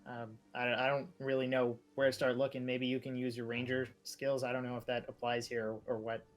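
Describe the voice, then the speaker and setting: Hesitant male player in a tabletop game, stops and restarts a lot, soft music behind. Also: mid-range voice, little pitch movement. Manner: hesitant, halting speech with restarts. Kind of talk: playing a tabletop game character.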